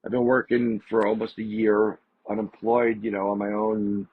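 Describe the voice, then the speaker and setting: A man, a podcast guest, telling a story in a casual, animated way and repeating phrases for emphasis. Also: lowish voice, normal speed, slight background noise. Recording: slightly dull lo-fi audio.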